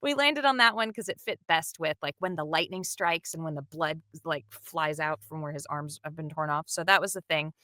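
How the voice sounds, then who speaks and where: A woman's voice: deep voice, moderate pace, few pauses, pushed and bright, no room sound, clean studio sound. A woman, a dub director, talking animatedly in an interview and acting out the lines she quotes. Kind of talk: interview, behind-the-scenes talk.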